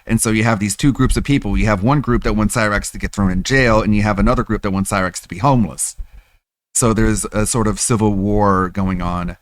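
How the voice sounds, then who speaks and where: Man, lowish voice, dry close sound, chatty stream host, sarcastic asides. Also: brisk, no room sound. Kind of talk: casual stream commentary.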